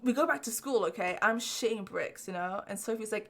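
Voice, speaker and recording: Young female podcast host, bright forceful voice, cussing storyteller, casual chat. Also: medium pitch, a little fast, hardly any pauses. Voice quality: profane, animated storyteller.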